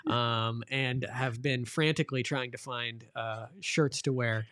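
A man's voice: medium pitch, steady tone, measured pace, a bit bright, smooth. A middle-aged man hosting a live-streamed podcast, chatting in an upbeat, playful, teasing way. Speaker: podcast host.

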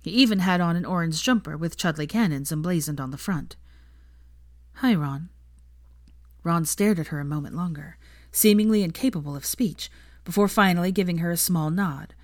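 Brief: female reader, low voice, dry close recording, calm narration. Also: brisk, no room sound. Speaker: fan fiction reader. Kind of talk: audiobook narration.

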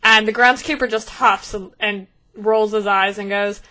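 Bright-voiced woman game master. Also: mid-range voice, measured pace, few pauses. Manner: lively, descriptive, with fillers. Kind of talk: narrating a tabletop game.

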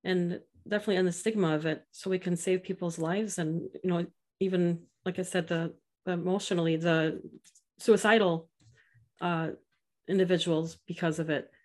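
Earnest, animated woman guest. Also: fairly low pitch, normal speed. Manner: earnest, animated storytelling with quoted voices. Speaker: podcast guest. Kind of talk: casual interview chat.

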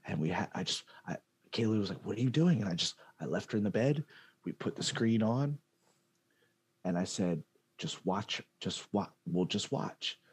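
Young guy, real low husky voice, laid-back slangy chat, trails off a lot. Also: lively intonation, normal speed. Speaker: podcast co-host, father. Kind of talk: casual chat.

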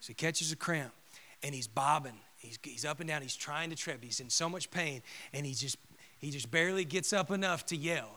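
A male pastor preaching a sermon, telling a story and swinging from loud proclamation to a hushed whisper. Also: fairly high pitch.

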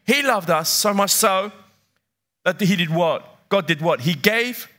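A man's voice: sits high, lively intonation, unhurried, sharp tone. A middle-aged man preaching a sermon as pastor, emphatic, repeating key phrases and putting questions to his congregation. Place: church.

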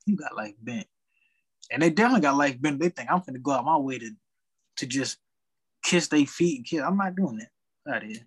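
A young man who works retail, telling work stories in a casual chat with an animated, venting delivery. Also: medium pitch, fairly quick, pauses often, breathy edge, rough recording. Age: young adult. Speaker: retail worker.

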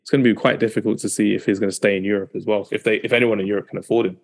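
A man's voice: on the low side, steady tone. A man hosting a casual football chat, rambling and often repeating himself. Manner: fast, rambling, repeats "as well". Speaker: podcast host.

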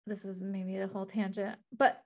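A woman's voice: medium pitch, little pitch movement, moderate pace, creaky. A woman hosting an interview in a chatty, rambling way, using "like" a lot. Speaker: podcast host, interviewer. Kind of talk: casual chat.

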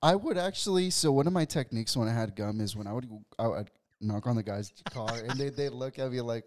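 A man in his twenties, a guest telling a story in a casual interview, halting with many restarts and fillers. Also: mid-range voice, a little mellow. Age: 20s.

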